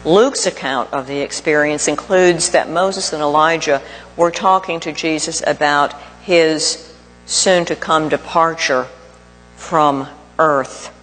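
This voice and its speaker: A man preaching a sermon, speaking slowly and deliberately with emphatic pauses. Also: fairly high pitch, a bit bright, faint music behind. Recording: long reverb of a large hall.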